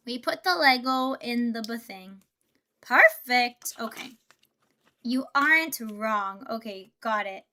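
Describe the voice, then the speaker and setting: A woman's voice: fairly high pitch, bright, forceful tone. A woman livestreamer chatting casually and laughing often, thinking aloud as she builds Lego.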